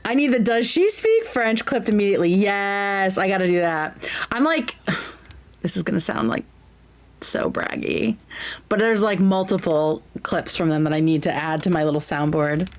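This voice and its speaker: A woman's voice: fairly low pitch, normal speed. A woman streamer chatting casually while reacting to a clip, bubbly and giggly, who slips into fluent French.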